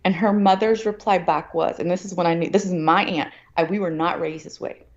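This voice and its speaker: A woman's voice: fairly low pitch, fairly quick. A woman telling a family story in a heated, profane way, acting out the other people's words as she goes. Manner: heated, profane, animated retelling with acted quotes. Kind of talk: casual storytelling. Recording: slightly dull lo-fi audio.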